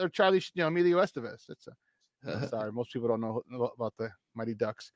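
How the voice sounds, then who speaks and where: An animated sports radio host with a fairly high voice, clearly enjoying the banter. He laughs easily and gets fired up over the game. Close, dry studio sound. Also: quick pace, dry recording. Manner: animated, laughing, hype-man energy. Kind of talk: casual sports talk.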